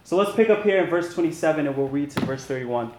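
A man's voice: fairly high pitch, lively intonation, fast talker, roomy sound, background noise. A man leading a men's Bible study, preaching earnestly in a conversational way and asking his listeners to respond. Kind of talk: sermon.

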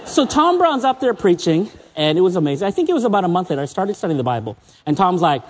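This is an American man in his fifties preaching from a stage. His voice is fairly high for a man and swings widely in pitch. He tells stories in a chatty way and often stumbles over repeated words. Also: sing-song, quick pace, hardly any pauses. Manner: conversational storytelling, repeats words. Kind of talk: sermon. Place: stage under spotlights.

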